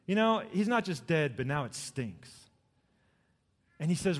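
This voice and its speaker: A male pastor preaching a sermon, dramatic, swinging from loud emphatic peaks to soft low lines. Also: very animated, a little slow, long reverb tail.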